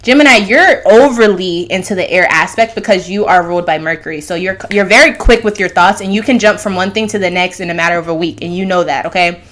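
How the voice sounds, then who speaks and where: A woman's voice: lowish voice, fast talker, hardly any pauses, fairly bright tone. A woman hosting her own astrology channel, talking casually and loosely, jumping between thoughts. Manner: loose, rambling, fillers and restarts. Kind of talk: casual monologue.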